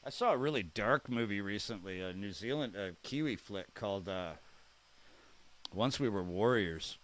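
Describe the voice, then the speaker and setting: Low-voiced man chatting with his stream. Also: lively intonation, moderate pace. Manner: chatty, reacts aloud to chat messages, repeats words while trying them out. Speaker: streamer reading live chat. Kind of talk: casual live-stream chat.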